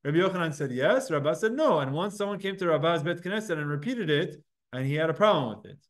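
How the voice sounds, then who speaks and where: A man with a slightly high voice and lively intonation speaks quickly as he teaches a Talmud class. He walks his students through the material step by step, casually posing questions and answering them himself in a relaxed, conversational way.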